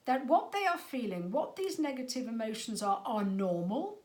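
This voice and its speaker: A woman's voice: fairly high pitch, big pitch swings, normal speed. A middle-aged woman, talking to parents as a parenting coach in an earnest, conversational way that sometimes stumbles over words. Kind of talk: talk to parents. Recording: echoey room.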